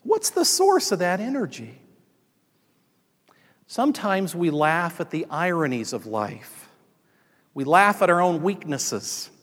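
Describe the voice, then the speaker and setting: A man's voice: sits high, very animated, slow pace, long pauses, a bit bright. A male pastor giving a sermon, telling stories and speaking straight to his congregation. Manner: storytelling, addressing the congregation directly. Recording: long reverb in a large hall.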